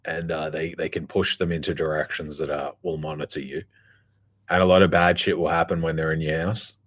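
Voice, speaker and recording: A man's voice: extremely low pitch, little pitch movement, a little fast, a bit bright. A man talking in a casual, rambling monologue, blunt and profane, full of fillers and restarts. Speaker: podcast host.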